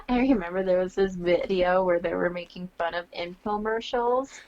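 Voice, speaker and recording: Woman, tarot co-host, gravelly voice, easygoing banter, faint background hiss. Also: on the low side, moderate pace, muffled recording. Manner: relaxed, laughing banter. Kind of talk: casual live-stream chat.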